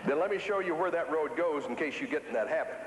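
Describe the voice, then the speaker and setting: A man's voice: a little high, quick pace, background noise. Folksy man speaking in an echoey hall. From Ozarks, USA. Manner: folksy, animated storytelling with repetition for emphasis. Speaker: motivational speaker. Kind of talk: keynote speech to an audience. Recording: echoey hall with long reverb.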